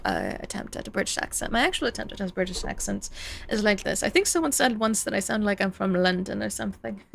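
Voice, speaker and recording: A woman's voice: medium pitch, creaky, fairly bright tone. A young woman streaming, chatting casually as she reacts to videos and reads her chat aloud, laughing often.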